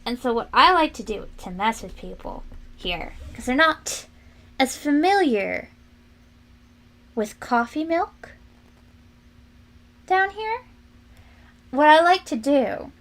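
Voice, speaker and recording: A woman's voice: high-pitched, lively intonation, slow pace, pauses often, a bit bright. A young woman streamer chatting casually and animatedly while she works, quoting people in raised voices. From family from New England, lives in Florida.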